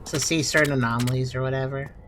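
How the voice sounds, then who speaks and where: A woman's voice: very deep voice, fairly even intonation, quick pace, over music. A woman giving casual, sarcastic commentary while playing a video game. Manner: sarcastic, critical. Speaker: let's play host.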